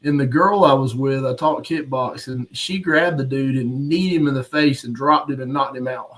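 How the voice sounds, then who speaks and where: A man with a drawl, recounting an old bar fight on a live stream. He talks bluntly and swears freely, breaking into laughs at his own story. His voice sits at a middle pitch. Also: moderate pace, a bit bright, rough recording. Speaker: podcast host.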